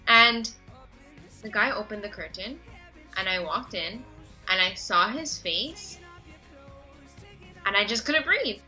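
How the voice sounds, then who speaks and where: A teenage girl telling a story in a casual vlog, gushing and excitable and talking fast. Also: medium pitch, faint music behind, low-quality recording. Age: teens. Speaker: vlogger.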